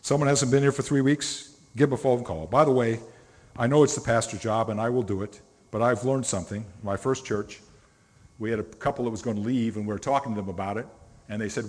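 Speaking fairly quickly with a medium-pitched, steady, darkish voice, a middle-aged male pastor preaches a sermon, telling stories conversationally and stressing individual words. The church sanctuary gives the recording the long reverb of a large hall.

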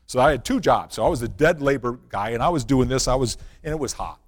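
A male pastor preaching a sermon built around a personal story, swinging from loud, animated passages to hushed, quiet ones. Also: mid-range voice, fast talker. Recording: long reverb of a large hall.

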